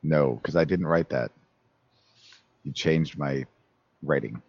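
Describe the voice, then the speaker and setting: Man, hoarse, raspy, very low voice, casual podcast co-host, dull lo-fi sound. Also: takes it slowly, darkish tone, no echo. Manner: reads segment notes, laughs often. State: hoarse from illness. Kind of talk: casual chat.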